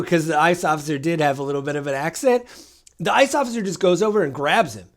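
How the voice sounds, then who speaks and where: Somewhat high-voiced and fairly quick, a podcast co-host chats casually about politics. He recounts incidents in story form and acts out the quoted exchanges.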